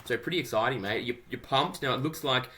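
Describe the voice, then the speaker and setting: A man's voice: mid-range voice, fast, bright, forceful tone. An Australian man hosting a podcast in a casual, upbeat, chatty way, often calling his co-host "mate". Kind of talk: casual chat.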